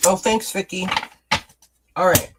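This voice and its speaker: A tarot card reader hosts a casual live-streamed reading. The delivery is chatty and encouraging, warm toward the audience, with self-deprecating asides slipped in between the cards. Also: mid-range voice, fairly even intonation, takes it slowly, background noise. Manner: chatty, encouraging, responds to chat comments.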